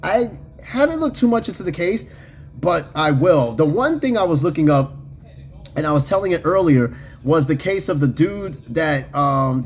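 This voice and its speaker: A man's voice: a little high, darkish tone. A man hosting a podcast in casual, slangy, profane chat, reading comments from his live chat. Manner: loose, slangy and profane, with frequent fillers and laughs. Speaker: podcast host.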